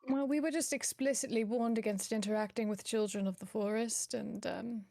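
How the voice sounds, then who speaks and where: Higher-voiced woman, dry close sound. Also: fairly even intonation, normal speed, creaky, mellow, dry recording. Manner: dry, precise in-character lecturing. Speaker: player. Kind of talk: tabletop role-play.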